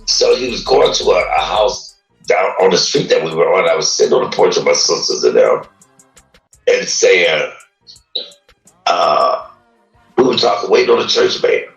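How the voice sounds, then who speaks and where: Deep-voiced man telling a painful story. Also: expressive, creaky. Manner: slow, earnest, emotional recounting. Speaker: man telling his life story on a livestream. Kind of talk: personal storytelling. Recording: distant roomy playback with music.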